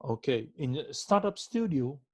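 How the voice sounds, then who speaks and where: Man explaining finance, steady. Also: mid-range voice, normal speed. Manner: explanatory, checks in with "okay". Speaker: business funding advisor. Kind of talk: explaining in a podcast interview.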